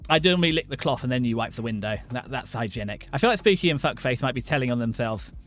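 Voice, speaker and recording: A young British man hosting a livestream, rambling and joking excitably with many restarts. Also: medium pitch, quick pace, faint music behind. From Britain. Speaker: VTuber streamer host. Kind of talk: casual livestream chat.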